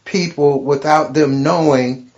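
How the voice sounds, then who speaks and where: A man guest on a casual podcast, telling stories and jokes and laughing loudly at his own punchlines. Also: a little high, steady tone, takes it slowly, muffled recording. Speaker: comedian guest.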